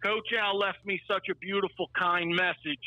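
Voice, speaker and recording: A man's voice: high voice, flat delivery, moderate pace, no room sound, highs cut off. A man returning to a sports podcast, chatting with enthusiasm and jokes. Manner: enthusiastic, joking. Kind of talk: casual chat.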